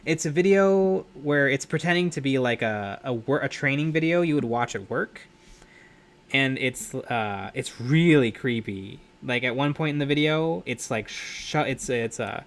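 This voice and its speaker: A young man hosting a live stream, chatting casually while painting miniatures, rambling and correcting himself as he talks. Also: medium pitch. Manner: rambling, self-correcting, laughs often. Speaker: livestream host.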